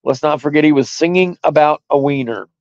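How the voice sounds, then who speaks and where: A man's voice: on the high side, fairly quick, darkish tone, dry recording, dull audio. A man hosting a stream, delivering a profane, mocking and combative ranting monologue. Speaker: stream host.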